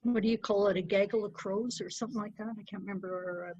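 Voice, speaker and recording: A middle-aged woman, a storyteller, recounting a personal story with animated delivery. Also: mid-range voice, fast talker, breathy edge. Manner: animated, lively retelling with acted-out quotes. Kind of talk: personal storytelling to a small group. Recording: dull, muffled dry recording.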